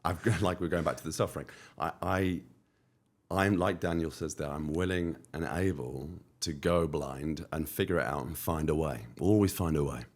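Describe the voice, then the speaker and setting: British entrepreneur guest, very deep voice, punchy motivational delivery. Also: male voice, moderate pace. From United Kingdom. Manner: emphatic, motivational, repeats phrases. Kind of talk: podcast interview.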